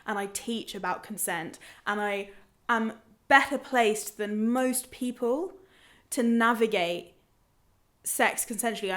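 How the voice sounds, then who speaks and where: A woman frankly recounting a personal experience on a podcast, full of fillers and restarts. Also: mid-range voice. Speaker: podcast guest telling a personal story. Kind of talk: candid personal storytelling.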